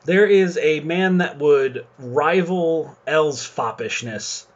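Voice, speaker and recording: A man's voice: on the high side, slow, muffled recording. A man narrating as game master in a tabletop game, loose and hesitant with fillers.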